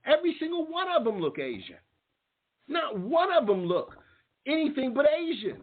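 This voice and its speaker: A man's voice: extremely high pitch, wildly swooping pitch, moderate pace. A male talk show host giving a fiery, mocking monologue and repeating phrases for emphasis. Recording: tinny phone-like sound.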